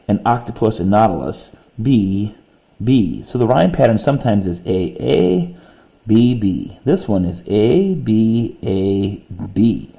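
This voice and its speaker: A man's voice: fairly low pitch, gravelly, warm tone. A man teaching a reading lesson, patiently explaining poems step by step and counting out syllables. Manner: reads poems slowly and deliberately. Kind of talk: recorded classroom reading lesson.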